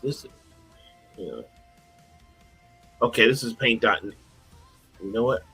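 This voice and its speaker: A man's voice: fairly low pitch, expressive, unhurried, bright, forceful tone, breathy edge, faint music behind. A man co-hosting a livestream, chatting casually and rambling with many uhs and repeated words. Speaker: co-host sharing his screen.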